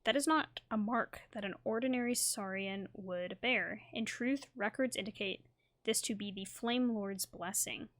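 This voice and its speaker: A courteous, formal male scholar, read aloud by a woman in her own everyday voice. His speech is careful and apologetic, with measured pauses. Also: medium pitch, fairly bright tone, lightly acted. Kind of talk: reading game dialogue aloud.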